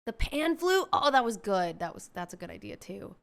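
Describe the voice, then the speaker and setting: A woman's voice: medium pitch, big pitch swings, moderate pace, creaky. A woman hosting a stream, chatting casually and rambling as she searches aloud for words. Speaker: streamer host. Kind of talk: casual chat while building a game character.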